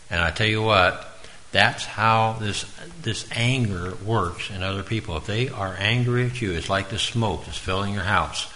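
A man's voice: on the low side, sharp tone, a little hiss or hum, low-quality recording. A man giving an informal, earnest sermon in a folksy way, now and then calling on listeners by name. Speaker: preacher.

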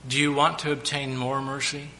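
A man preaching a sermon to his church, now and then shouting out the lines of the story he tells. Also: medium pitch, little pitch movement, moderate pace, slight background noise. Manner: preaching with sudden loud acted-out shouts.

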